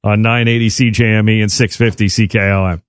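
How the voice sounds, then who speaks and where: A man's voice: on the low side, little pitch movement, fairly quick, clean tone, no echo, studio quality. A man hosting a radio sports talk show, chatting casually and asking his guest short, friendly questions. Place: radio studio.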